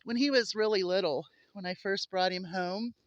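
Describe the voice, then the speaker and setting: A woman's voice: medium pitch, moderate pace, no echo, muffled recording. A woman vlogging on a homestead in a windy snowstorm, chatty and cooing to her animals, a little out of breath. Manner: chatty, coos affectionately at animals. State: out of breath from wind. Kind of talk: casual vlog chat to camera. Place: outdoors in a windy snowstorm and in a coop. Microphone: handheld camera.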